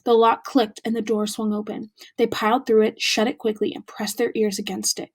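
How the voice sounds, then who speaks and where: A woman teacher reading a novel aloud with lively, expressive storytelling, recorded at home for a remote class. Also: fairly high pitch, fairly quick, hardly any pauses, slightly rough.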